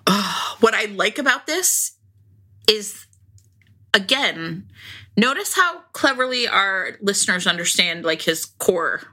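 Bright, animated woman podcast co-host. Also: medium pitch, slow pace. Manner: laughing, animated storyteller. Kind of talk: casual chat.

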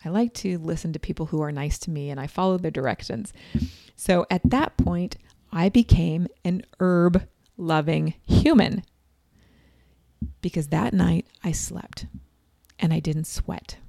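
A woman in her forties telling a personal story in a chatty, animated way, acting out quoted lines. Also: on the low side, a little slow, vocal fry, dry recording, studio quality. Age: 40s.

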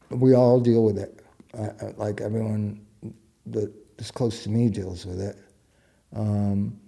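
A man's voice: on the low side, vocal fry, warm tone. A middle-aged man talking frankly and earnestly in casual conversation, blunt and sometimes swearing. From United States. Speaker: guest speaking about his own life. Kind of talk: candid conversational talk.

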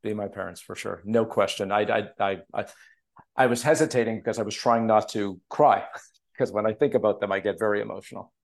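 Man, from Canada, animated storyteller, casual podcast interview, remote call. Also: fairly low pitch, fairly quick. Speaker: guest, TV producer and author.

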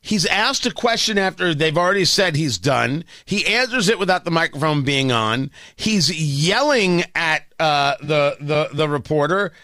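Male podcast host, high-pitched, blunt opinionated commentary, dry close studio sound. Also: lively intonation, unhurried, hardly any pauses, pushed and bright, dry recording. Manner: blunt, with frequent restarts.

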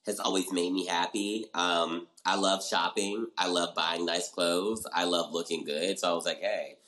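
Young guy chatting in an interview, low-ish voice, acts out what he said back then. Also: normal speed, low-quality recording. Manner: animated storyteller acting out his own past reactions. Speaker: guest. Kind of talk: casual interview chat.

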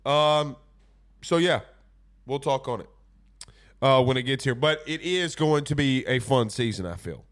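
A man's voice: medium pitch, measured pace, long pauses. Congested man hosting sports talk. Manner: laid-back, rambling with fillers. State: congested from a cold. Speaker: podcast host. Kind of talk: casual sports talk, reading viewer comments.

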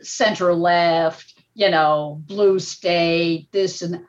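An older woman, a media professor, talking as a podcast guest in an animated, emphatic way that often ends points with a quick "okay?". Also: on the low side. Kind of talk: casual podcast talk. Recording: dull, muffled audio.

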